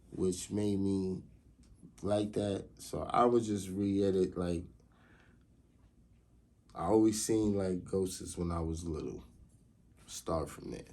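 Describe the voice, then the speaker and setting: A man's voice: fairly low pitch, warm tone. A man of about forty hosting his own show, telling a loose, rambling personal story and often asking whether the listener knows what he means. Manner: rambling, loose, constantly says "you know what I mean". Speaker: host. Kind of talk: casual storytelling monologue.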